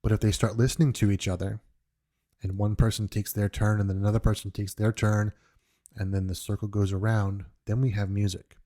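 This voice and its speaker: A man's voice: on the low side, little pitch movement, a little fast, dark tone. A man from New York hosting a podcast, talking earnestly and reflectively in an unscripted monologue, often restarting his sentences. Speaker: podcast host.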